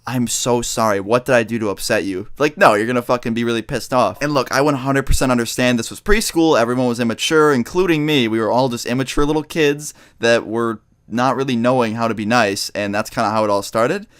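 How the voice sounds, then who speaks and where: Young male vlogger, rapid animated storytime delivery with lots of cursing. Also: mid-range voice, clean tone. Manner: fast, profane, animated storytelling. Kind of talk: storytime vlog.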